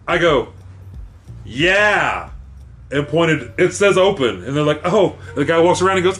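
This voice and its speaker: A man's voice: on the high side, expressive, moderate pace, fairly bright tone, soft background music. A middle-aged man in casual chat, telling stories animatedly and acting out both sides of the exchange.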